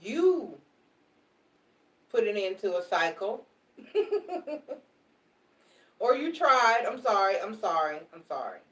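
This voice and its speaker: Animated woman reading tarot, roomy echo. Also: medium pitch, slow, pauses often, recorded from a distance. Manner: animated, repetitive, swears casually, talks to the audience directly. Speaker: tarot reader.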